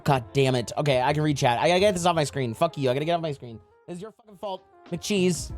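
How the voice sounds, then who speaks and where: A man's voice: a little high, fast, hardly any pauses, soft background music. A young man live streaming, chatting casually and profanely with his viewers, rambling from joke to joke with frequent laughter.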